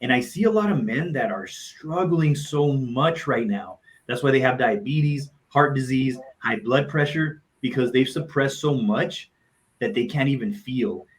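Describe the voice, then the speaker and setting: A man's voice: mid-range voice, measured pace, rough recording. Earnest man telling heartfelt stories. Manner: heartfelt, repeats phrases for emphasis. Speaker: motivational speaker and coach, guest. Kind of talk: earnest personal storytelling on a live talk show.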